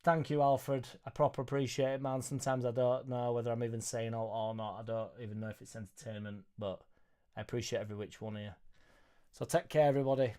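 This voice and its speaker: A young man hosting a live football reaction stream, reading viewer messages in an excitable, sweary, joking way. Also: medium pitch, fast, clean tone. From Leeds, England. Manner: excitable, sweary, banter-filled. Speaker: football fan channel host.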